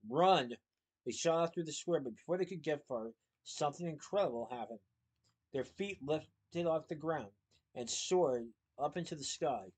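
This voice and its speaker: A man reads a novel aloud in a steady storyteller's manner. His voice sits a little high for a man. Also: moderate pace, slightly rough, low-quality recording.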